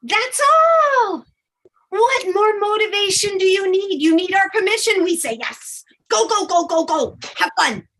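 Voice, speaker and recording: A woman's voice: very high voice, expressive, unhurried, a bit bright, pitched above the performer's own voice, exaggerated voice, poor audio. A woman channeling a squealing, cheering chorus of fairy guides. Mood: gleeful urging. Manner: bubbly, pushy cheering, repeats words. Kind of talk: channeled spirit message.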